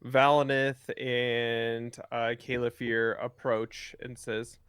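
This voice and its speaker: A man playing a tabletop game, narrating his turns slowly and hesitantly. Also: mid-range voice, fairly even intonation, a bit bright, clean tone, no room sound, clean studio sound. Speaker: player.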